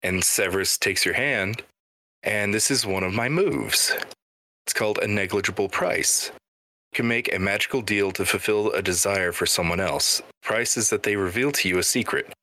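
A man's voice: on the low side, moderate pace, sharp tone, no room sound. A man playing in a tabletop game, chatting casually with stammers. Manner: stammering, laughing asides. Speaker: player.

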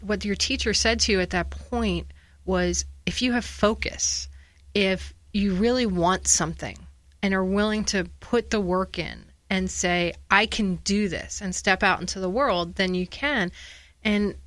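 A woman's voice: on the low side, a bit bright, dry recording. A woman from the northern United States hosts an interview show. She talks with open enthusiasm and piles on praise for her guest. The sound is dry and close. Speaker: talk show host.

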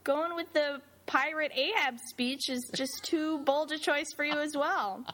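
A woman's voice: high-pitched, a little slow, bright, forceful tone, a little hiss or hum. A woman chatting casually on a podcast, teasing and a bit hesitant as she reasons. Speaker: podcast co-host. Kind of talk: casual chat.

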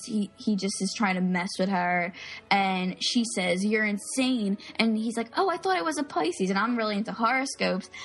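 A woman talks casually and at length, with plenty of fillers and a giggly edge. Her pitch sits in an ordinary middle range. Faint music plays in the background. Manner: chatty, filler-heavy, giggly. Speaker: podcast co-host. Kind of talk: casual chat.

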